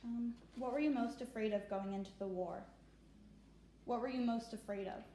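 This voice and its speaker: Polite woman interviewer, mellow voice. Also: a little high, normal speed, slight background noise. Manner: polite, gently repeats her questions. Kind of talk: oral history interview. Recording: echoey room.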